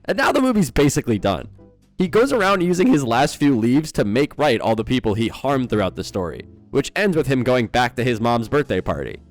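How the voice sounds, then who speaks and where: A man's voice: medium pitch, sing-song, brisk, faint music behind. A young man giving a sarcastic, incredulous film review in scripted commentary.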